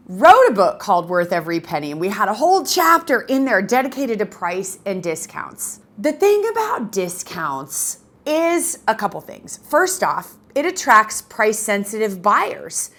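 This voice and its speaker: A middle-aged woman coaching photographers in a casual talk to camera, animated and emphatic. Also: mid-range voice. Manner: animated and emphatic, acts out little voices.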